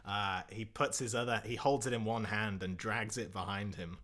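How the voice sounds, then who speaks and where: A man's voice: lowish voice, fairly even intonation, normal speed, a bit bright. A man narrating a tabletop game as game master, describing scenes loosely with fillers.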